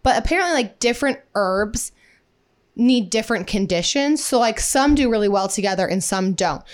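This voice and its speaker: A woman's voice: a little high, animated, normal speed. A young woman from the Midwest co-hosting a casual podcast, upbeat and chatty, full of "like" and "um". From Midwestern United States. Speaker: podcast co-host. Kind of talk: casual chat.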